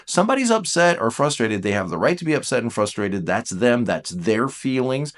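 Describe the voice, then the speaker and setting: A man coaching on personality types, talking casually to his viewers, animated, mimicking them in playful voices and dropping to slow, quiet emphasis. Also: medium pitch. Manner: animated, jumps into playful mock voices of the listener; drops to slow, quiet emphasis on key points. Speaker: Enneagram coach. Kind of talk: casual talk to camera.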